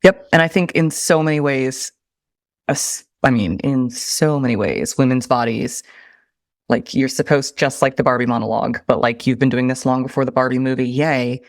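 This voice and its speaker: A woman's voice: a bass voice, fairly even intonation, normal speed, no room sound. Impassioned woman podcast host, dry sound. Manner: emphatic, impassioned, swears freely. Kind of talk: casual podcast conversation.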